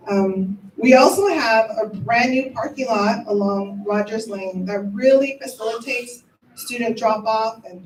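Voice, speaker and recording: A woman's voice: on the high side, slight background noise. A middle-aged woman teacher giving a heartfelt, emotional ceremony speech in a school cafeteria. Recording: echoey room from a distant mic.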